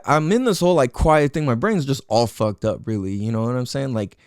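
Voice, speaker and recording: A young podcast host with a medium-pitched, slightly mellow voice tells a personal story, rambling casually and profanely with lots of "like" and "you know what I'm saying." He uses a headset mic, and the recording is dry and studio quality.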